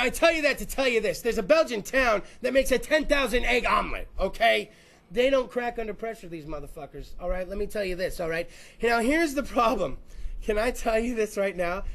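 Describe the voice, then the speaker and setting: Guy hosting a podcast, swears constantly, rambles through stories, sharp bright voice. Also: high-pitched, creaky. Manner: profane, rambling storytelling with put-on voices. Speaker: podcast host. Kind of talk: crude comedic podcast rant.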